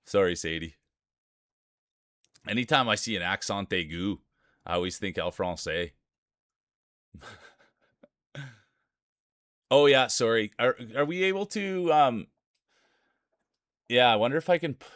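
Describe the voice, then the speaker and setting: A man's voice: lowish voice, a bit bright, clear, resonant tone, dry recording, studio quality. A man with a Canadian accent streaming live, greeting his chat by name and joking through marble race commentary. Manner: chatty, greets viewers by name, jokey.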